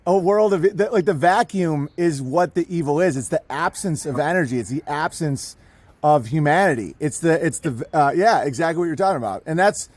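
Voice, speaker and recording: High-voiced man, irreverent podcast guest. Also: expressive, a little fast, darkish tone, no room sound. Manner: irreverent, rambling storytelling. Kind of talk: casual podcast conversation.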